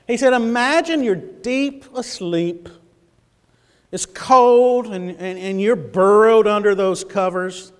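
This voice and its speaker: High-voiced pastor, animated, long hall reverb. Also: male voice. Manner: animated, dramatic storytelling with sudden loud bursts; halting repetitions. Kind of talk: sermon with scripture reading.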